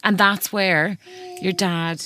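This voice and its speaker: A woman hosting an interview, speaking in a gentle, encouraging way. Her voice sits at a mid pitch. She keeps the tone conversational and supportive. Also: fairly even intonation, slow pace. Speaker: host.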